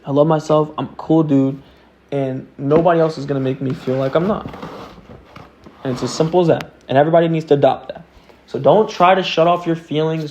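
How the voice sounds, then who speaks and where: A man's voice: fairly high pitch, a little mellow. A young man vlogging to himself in an earnest, rambling way, full of fillers. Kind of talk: casual self-talk monologue. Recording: dull lo-fi sound.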